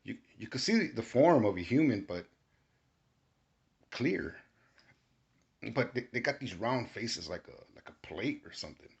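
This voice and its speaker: A man giving a casual testimony, animated and rising to shouts when he quotes himself. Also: mid-range voice, measured pace, gravelly, long pauses. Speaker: storyteller recounting a spiritual experience. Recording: dull lo-fi recording.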